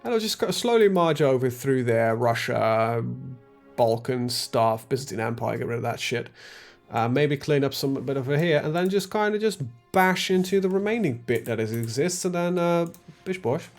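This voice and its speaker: Guy streaming a strategy game, muttering plans out loud, lots of ums, swears now and then. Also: medium pitch, normal speed, soft background music. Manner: thinks aloud, lots of ums, casual swearing. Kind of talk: casual live-stream commentary.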